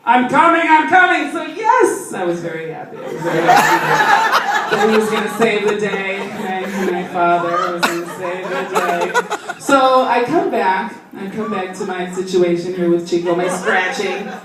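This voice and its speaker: Lively woman comic in an echoey club. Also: medium pitch, moderate pace. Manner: animated, laughing through lines, acting out voices. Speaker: stand-up comedian. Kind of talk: stand-up storytelling. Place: comedy club. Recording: echoey club room from far off, audience noise.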